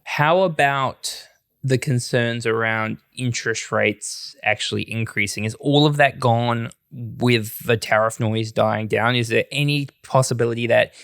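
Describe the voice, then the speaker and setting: A man's voice: mid-range voice, measured pace, fairly bright tone, smooth, no room sound, studio quality. A man hosting a podcast, chatty and inquisitive, full of casual fillers. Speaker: podcast host. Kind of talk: casual chat.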